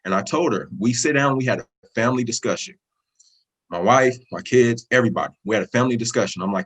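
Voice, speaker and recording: A man's voice: lowish voice, fast talker, a bit bright, slightly rough, rough recording. A man in his thirties, a course student, earnestly telling his success story in a casual video-call interview, emotional and rambling. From California. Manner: earnest, emotional, talks in loose run-on phrases.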